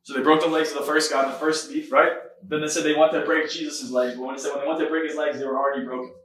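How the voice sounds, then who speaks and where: Fast-talking fervent preaching man. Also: fairly high pitch, little pitch movement, fairly bright tone. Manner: fervent, fillers like "man", "right?", "come on". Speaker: podcast host preaching. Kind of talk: casual spoken sermon. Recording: very echoey room, mic far off.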